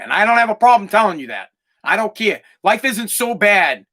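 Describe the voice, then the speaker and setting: A middle-aged podcast host, his voice pitched high and bright with a sharp, forceful edge. He rants bluntly and swears constantly. He mocks the people he criticizes in whiny voices. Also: big pitch swings, moderate pace. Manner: profane, combative, mocking put-on whiny voices. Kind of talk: blunt opinion monologue.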